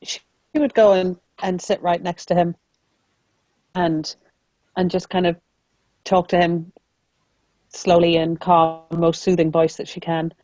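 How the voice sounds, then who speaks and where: A woman player calmly describing her character's actions. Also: fairly low pitch, measured pace, pauses often, no room sound, rough recording.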